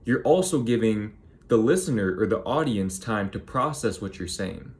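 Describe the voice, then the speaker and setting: A man giving direct-to-camera advice on public speaking, with a measured, deliberate delivery that slows right down on key words. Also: fairly low pitch, expressive, a little mellow. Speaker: speaking coach YouTuber.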